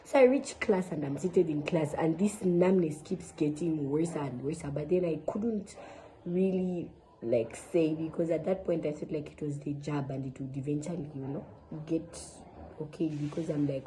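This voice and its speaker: A woman's voice: deep voice, moderate pace, warm tone, a little hiss or hum, low-quality recording. A young woman from Zambia casually telling viewers a personal story, chatty and full of fillers. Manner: chatty, addresses viewers as guys, many fillers. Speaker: vlogger sharing a testimony.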